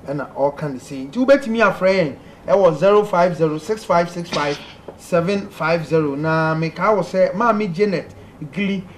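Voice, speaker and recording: Male call-in host, upbeat, reads messages and laughs; higher voice, light noise behind. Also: moderate pace. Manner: lively, laughing, pleading with callers to speak. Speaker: radio host reading listener messages. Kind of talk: call-in advice show.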